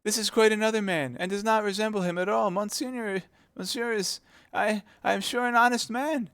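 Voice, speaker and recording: A man's voice: sits low, expressive, moderate pace, fairly bright tone, no echo. A man voicing a timid, fawning middle-aged mercer who is eager to please. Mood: panicked. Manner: meek and eager to please, turning frantic.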